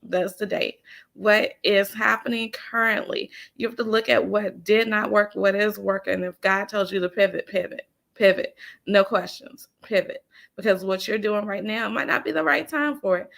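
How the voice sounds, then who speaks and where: Woman coach, faith-driven pep talk, folksy and preachy, slight fry in the voice. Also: medium pitch, normal speed, fairly bright tone. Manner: preachy, emphatic, repeats key phrases; folksy, addresses listeners as y'all and honey. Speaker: business coach and author. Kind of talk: faith-based motivational talk.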